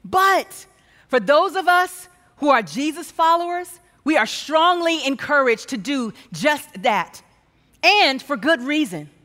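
A woman's voice: high voice, expressive, slow, fairly bright tone. A woman guest speaker telling a personal story in a sermon, acting out the conversations she recounts. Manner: storytelling, acts out quoted exchanges. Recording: hall reverb.

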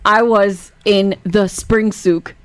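A woman co-hosting a radio show, chatty and teasing, telling stories with lively energy. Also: mid-range voice, takes it slowly, no echo, soft background music. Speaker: radio host. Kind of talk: morning radio banter.

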